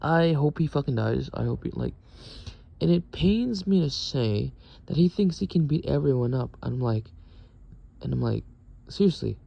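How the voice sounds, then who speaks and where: A man's voice: mid-range voice, lively intonation, normal speed, vocal fry, highs cut off. A young man in the military venting in a casual, profane, exasperated rant. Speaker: military service member.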